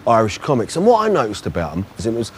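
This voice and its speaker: Chatty, animated TV presenter man. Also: lowish voice, a little hiss or hum. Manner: chatty, animated, quick laughs. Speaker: TV presenter interviewing a comic. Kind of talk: casual interview chat.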